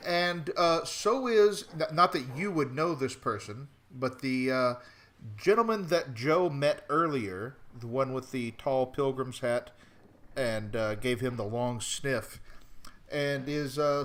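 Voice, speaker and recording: A man's voice: medium pitch, measured pace, fairly bright tone. A man narrating as game master of a tabletop game, easygoing and full of fillers.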